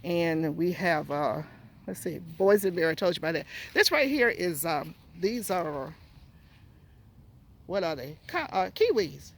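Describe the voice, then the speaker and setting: A gardening vlogger giving a casual, rambling walking tour of a garden outdoors, out of breath and pausing to recall plant names. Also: medium pitch, lively intonation, slight background noise.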